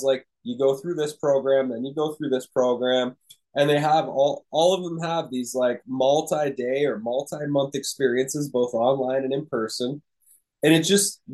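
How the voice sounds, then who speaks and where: A man's voice: on the high side, a little mellow, rough recording. Encouraging man coaching entrepreneurs. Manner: encouraging, rambling with fillers and restarts. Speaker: podcast host and business coach. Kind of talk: casual coaching talk. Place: room with a live audience.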